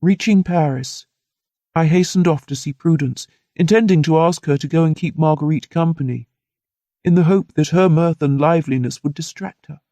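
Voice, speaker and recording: A man reads a classic novel aloud in the first person, with steady, earnest pacing. His voice sits a little high but sounds mellow and gravelly. The recording is close and dry. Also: moderate pace, no room sound, lo-fi sound. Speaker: audiobook narrator. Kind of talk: scripted narration of a classic novel.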